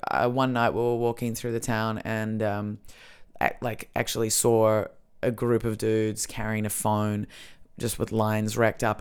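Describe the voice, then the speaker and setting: A woman's voice: rumbling low, clear, resonant tone. A woman hosting a podcast, telling casual stories in a rambling way with lots of fillers and swearing. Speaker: podcast host. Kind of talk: casual chat, storytelling.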